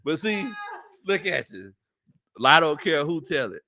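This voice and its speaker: A man's voice: fairly high pitch, big pitch swings, measured pace, background noise. A man hosting a casual sports livestream, laughing often and reading viewer comments aloud as he tells stories. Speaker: sports show host.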